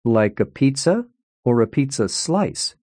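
A man voicing a gentle father who asks his young son quiet questions, in a storybook reading. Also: medium pitch, sing-song, a little slow, husky, no echo. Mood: curious. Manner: soft, questioning.

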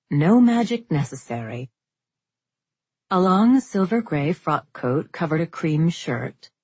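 A woman narrating a fantasy novel in a measured, even storytelling manner. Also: on the low side, slightly rough, no room sound. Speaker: audiobook narrator.

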